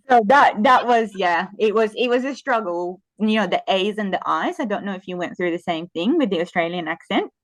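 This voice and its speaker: A woman in her forties from the Philippines, a guest in a casual interview, telling animated stories that often restart mid-sentence. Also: medium pitch, a little fast, few pauses, dry recording. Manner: animated storytelling with frequent restarts.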